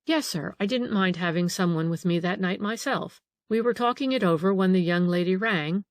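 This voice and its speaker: In an audiobook, a woman reads the part of a frightened, middle-aged housekeeper who is anxious and eager to please. Her voice is on the lower side, her pace moderate, and the acting light, with no echo in the recording.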